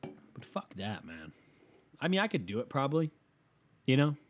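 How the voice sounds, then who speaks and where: A man hosting a show rants in a casual, comedic way, swearing freely and sounding exasperated. His voice sits at an ordinary middle pitch, and he punches points with sudden loud bursts. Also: wildly swooping pitch, moderate pace, background noise. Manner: profane, exasperated, loud emphatic outbursts.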